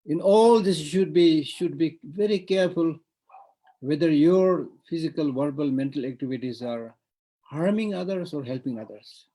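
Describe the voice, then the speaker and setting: A man's voice: on the high side, normal speed, warm tone, rough recording. A man with a Tibetan accent giving an online Buddhist teaching, talking in a discursive way with repeated words and frequent "you know".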